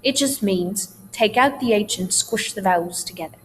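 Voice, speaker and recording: A woman's voice: medium pitch, normal speed. A woman theatre teacher giving a recorded dialect lesson, explaining sounds in a patient, reassuring way. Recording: long hall reverb, faint hum.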